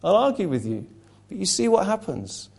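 A man's voice: sits high, sing-song, moderate pace, creaky, slightly rough. A man preaching a sermon, impassioned and rhetorical, slipping into mocking asides.

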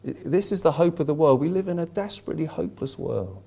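A man's voice: a little high, sing-song, fast, gravelly, dark tone, breathy edge. A man preaching a sermon, earnest and emphatic, reading questions aloud to his congregation.

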